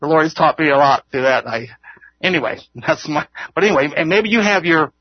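A man's voice: a little high, brisk, breathy edge, no echo, lo-fi sound. Earnest rambling man teaching scripture. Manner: earnest, rambling, laughs often. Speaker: Bible teacher. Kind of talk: informal Bible study teaching.

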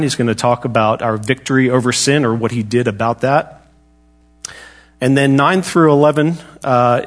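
A man with a medium-pitched voice teaches a Bible study lesson in a casual, conversational style. He jokes now and then and often restarts his sentences.

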